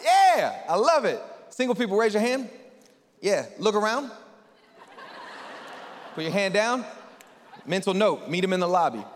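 A man preaching to a live church congregation with bursts of energy and quick jokes, calling out questions to the crowd. His voice sits high for a man. The sound carries a long hall reverb. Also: a little hiss or hum. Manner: energetic, joking, talks with the crowd. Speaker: pastor. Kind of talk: sermon.

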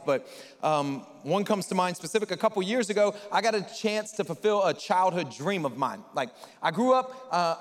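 A man preaching a sermon to a live congregation in a church, energetic and joking as he talks with the crowd. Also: high voice. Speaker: pastor. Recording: long reverb of a large hall.

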